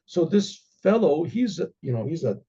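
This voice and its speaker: A man, a rabbi, telling a story in a rambling way, often clearing his throat and restarting sentences. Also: a little high, sing-song, moderate pace, mellow. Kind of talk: oral storytelling. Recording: dull lo-fi recording.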